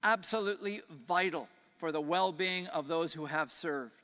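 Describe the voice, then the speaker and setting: An older man, Canadian with a slight Texas twang, gives an earnest, folksy keynote, dropping low and quiet on grave points. His voice is high for a man and bright, with a smooth, clear tone. Long reverb from the large conference hall trails each phrase. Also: normal speed. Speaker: conference speaker. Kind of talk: keynote speech. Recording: echoey hall.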